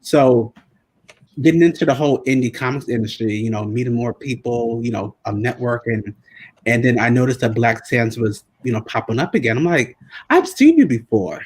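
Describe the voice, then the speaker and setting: Slightly husky male guest telling stories. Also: medium pitch, normal speed, low-quality recording. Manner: relaxed anecdotes, acts out quotes. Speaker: guest writer. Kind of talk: casual chat, storytelling.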